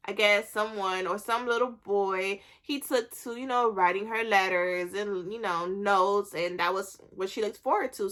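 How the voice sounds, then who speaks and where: Chatty woman recapping a TV episode. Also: medium pitch. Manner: chatty, animated storytelling with acted-out quotes. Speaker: YouTube recap host. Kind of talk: casual TV recap.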